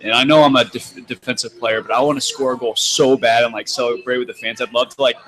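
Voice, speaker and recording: A man's voice: mid-range voice, fairly even intonation, fast talker, a bit bright, rough recording. A young man, a soccer player guest, talking hesitantly with many fillers. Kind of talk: casual interview.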